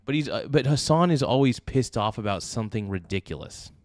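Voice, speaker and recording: A man's voice: mid-range voice, lively intonation, a little fast, no room sound. Brash young man, dry close sound. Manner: rambling, brash, says "dude" often. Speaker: livestream host. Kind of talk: casual political commentary.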